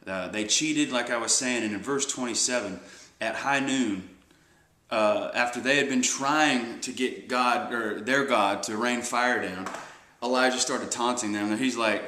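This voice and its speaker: A man's voice: medium pitch, normal speed, pushed and bright, echoey room. A man casually retelling a Bible story as a devotional speaker, rambling with many fillers and restarts.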